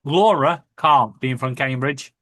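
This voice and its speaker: A man's voice: mid-range voice, unhurried, a bit bright, dry recording. A man from Lancashire with a northern English accent, chatting casually as host and laughing often. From Lancashire, England. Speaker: podcast host. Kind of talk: casual chat.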